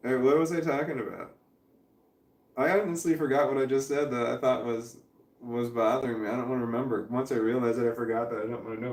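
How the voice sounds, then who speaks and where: Speaking quickly in a mid-range, slightly mellow voice with fairly even intonation, a man in his forties reads chat on his livestream. He rambles casually, swears freely and chuckles at the messages, with roomy audio from a distant mic.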